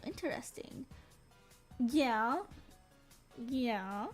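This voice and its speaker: A woman's voice: high voice, animated, drawn-out words, pauses often, soft background music. A young woman streamer chatting casually, rambling and giggling between her sentences. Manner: giggly, rambling, laughs often. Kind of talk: casual live-stream chat.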